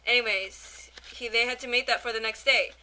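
A woman with a very bright, slightly high voice, chatting casually on a podcast. She rambles through a plot retelling, acting out the quotes as she goes. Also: fairly even intonation, a little fast, a little hiss or hum. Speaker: podcast co-host. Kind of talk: casual anime review chat.

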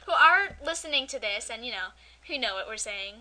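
A young woman co-hosting an amateur podcast, chatting casually and ranting with animated energy. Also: fairly high pitch. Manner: chatty, animated, quick to rant. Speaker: podcast co-host.

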